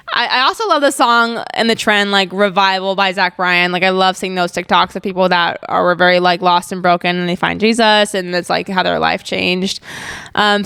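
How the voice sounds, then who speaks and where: A young woman talks through her podcast in a loose, upbeat way, full of fillers and quick asides. Her voice is smooth and clear, sitting at a middle pitch. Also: bright, forceful tone. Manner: chatty, upbeat, lots of "like" and "um", laughs while telling stories. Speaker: podcast host. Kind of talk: casual faith-based podcast chat.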